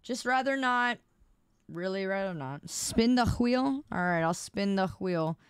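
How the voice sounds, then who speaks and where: A woman's voice: medium pitch, animated, a little slow, a bit bright, smooth, no echo, clean studio sound. A sleep-deprived woman streamer chatting casually and playfully with her viewers, teasing and pleading. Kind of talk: casual live-stream chat.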